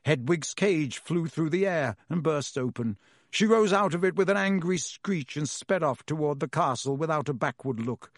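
A man's voice: on the high side, lively intonation, normal speed, no room sound, clean studio sound. A man narrating a storybook in a vivid, dramatic way. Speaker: audiobook narrator.

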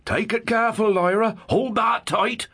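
A husky, grave old man. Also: sits high, fairly even intonation, pushed and bright, dry recording, clean studio sound, heavily acted. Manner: rustic old-fashioned dialect, measured and grave. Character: wise old male gyptian elder, protective.

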